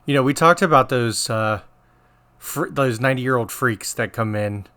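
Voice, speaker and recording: A man's voice: medium pitch, moderate pace. Man telling a rambling nurse story. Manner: rambling, restarts, animated quoting of others. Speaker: podcast co-host, former nurse. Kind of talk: casual storytelling chat.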